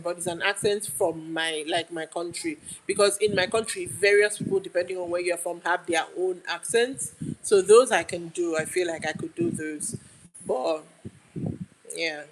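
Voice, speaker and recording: A woman's voice: lowish voice, normal speed, a little hiss or hum, rough recording. A Nigerian woman telling a story in a casual livestream, chatty and laughing, often restarting her sentences. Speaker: YouTube live streamer.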